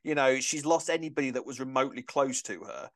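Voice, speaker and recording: A man's voice: medium pitch, quick pace. A man co-hosting a podcast, chatting enthusiastically about a soap opera, often restarting his sentences. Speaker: podcast co-host.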